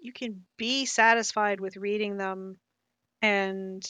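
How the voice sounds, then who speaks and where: A woman co-hosting a casual podcast, animated and emphatic, talking with strong conviction. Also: mid-range voice, slow pace, clean tone, no echo. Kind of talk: casual discussion.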